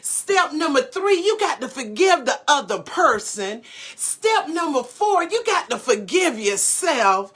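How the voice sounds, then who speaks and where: High, lively motivational woman host. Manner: energetic, greets viewers by name, repeats phrases for emphasis. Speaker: motivational speaker and show host. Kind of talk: live motivational morning show.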